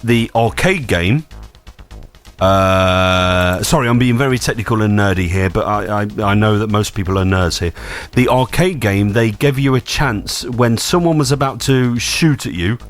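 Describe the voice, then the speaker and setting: A man's voice: on the low side, normal speed. A man co-hosting a radio show, teasing and getting nerdy about arcade games. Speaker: radio co-host. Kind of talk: casual radio chat. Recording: music playing faintly behind.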